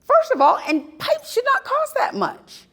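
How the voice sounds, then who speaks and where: A woman giving a live talk at an expo, telling personal stories with emphatic, dramatic pauses. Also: extremely high pitch, big pitch swings, a bit bright. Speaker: speaker at a spirituality expo. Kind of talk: live storytelling talk to an audience.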